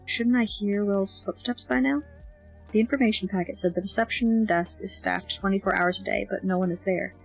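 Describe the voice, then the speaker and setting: A woman narrating a young-adult novel in the first person, with expressive, lively delivery of the dialogue. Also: mid-range voice, moderate pace, creaky, breathy edge, rough recording. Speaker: audiobook narrator. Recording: faint background music.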